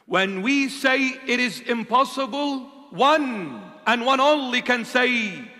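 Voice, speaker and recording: A high-pitched man preaches slowly in a bright, sharp voice, pressing his listeners with rhetorical questions. His delivery swings between fiery and hushed, and a long church reverb trails behind every phrase. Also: sing-song. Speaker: bishop preaching. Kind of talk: sermon.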